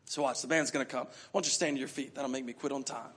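A male pastor preaching a sermon with passion, acting out prayers in quick repeated bursts. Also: medium pitch, steady tone, fairly bright tone, a little hiss or hum.

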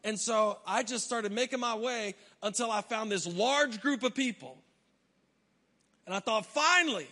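Bright-voiced pastor in a reverberant hall. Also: male voice, high-pitched, measured pace. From United States. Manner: animated, humorous storyteller, acts out his own reactions. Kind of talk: sermon with personal storytelling. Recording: long reverb of a large hall.

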